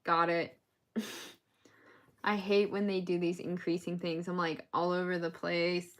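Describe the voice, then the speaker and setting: A woman's voice: on the low side, little pitch movement, unhurried. A woman on a casual crochet live stream, counting stitches aloud and laughing between lines as she chats to viewers.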